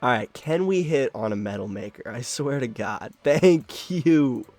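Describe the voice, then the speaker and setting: A man's voice: fairly low pitch, moderate pace, no room sound. Young guy narrating his card game match, voice bouncing all over, cussing n laughing, lil bit of music behind. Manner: animated self-talk, swears, laughs at his own luck. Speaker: card game content creator. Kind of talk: casual live gameplay commentary.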